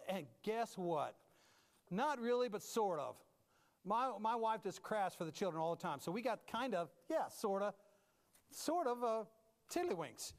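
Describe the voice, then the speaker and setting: A man preaching a humorous sermon as a pastor, animated and self-mocking, moving from loud bursts to low asides. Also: normal speed, in a large hall.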